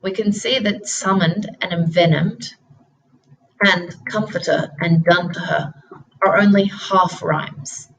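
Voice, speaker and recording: Woman reading out lesson notes, lowish voice, slow and steady. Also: vocal fry, a little hiss or hum, low-quality recording. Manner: slow, deliberate instructional delivery. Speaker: teacher. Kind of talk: scripted lesson narration.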